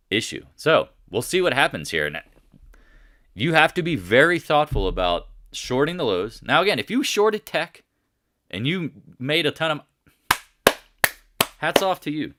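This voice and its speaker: A middle-aged man hosting live market commentary, talking in an animated way, thinking out loud and firing rhetorical questions as he watches prices move. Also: mid-range voice, unhurried, pauses often, dry recording, clean studio sound.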